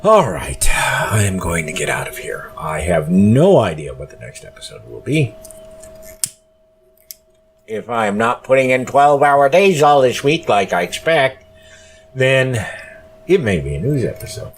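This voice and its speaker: A tired man hosting a solo podcast, talking slowly and rambling with many pauses and fillers. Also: mid-range voice, big pitch swings, slight background noise. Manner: rambling, slow, full of fillers. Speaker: podcast host. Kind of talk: casual solo podcast monologue.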